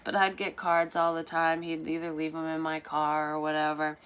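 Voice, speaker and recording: A woman with a notably low voice recounts a personal story in a loose, rambling way. She is blunt, drops curse words freely and fills her pauses with "um". There is a faint hiss underneath her speech. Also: monotone, a bit bright. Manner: candid, swears freely, rambling with fillers. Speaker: vlogger telling a personal story. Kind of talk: casual storytelling.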